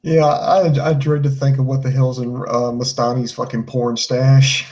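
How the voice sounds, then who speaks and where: A man recaps a wrestling show for a podcast, stopping on fillers and throwing in crude jokes. His voice has a plain, middle pitch. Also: little pitch movement, measured pace, darkish tone, low-quality recording. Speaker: podcast co-host.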